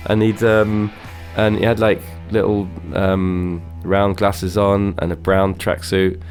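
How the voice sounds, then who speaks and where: A male band member recalls an anecdote in an interview, halting and hesitant. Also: fairly low pitch, level tone, a little mellow, soft background music.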